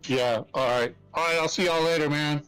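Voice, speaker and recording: Excitable higher-voiced man. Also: moderate pace, soft background music, low-quality recording. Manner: excitable, laughing. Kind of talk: casual gaming chat.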